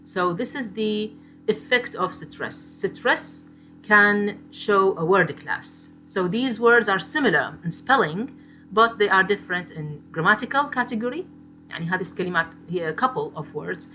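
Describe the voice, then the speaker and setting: A woman, a native Arabic speaker, gives a phonetics lesson in a bright, clear voice. She explains at a patient pace and repeats each example word, slipping into short Arabic asides. Faint music plays underneath. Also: mid-range voice, animated, moderate pace. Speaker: teacher. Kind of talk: phonetics lecture.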